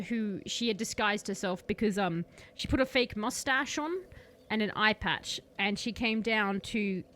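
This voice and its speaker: Woman streamer, bright voice, rambling improvised comic storyteller. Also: on the high side. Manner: rambling, self-correcting.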